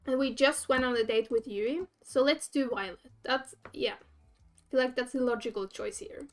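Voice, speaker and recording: A woman's voice: high-pitched, measured pace. A woman streamer giving casual, giggly commentary while playing a dating game. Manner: giggly, reacting out loud. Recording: faint game music behind.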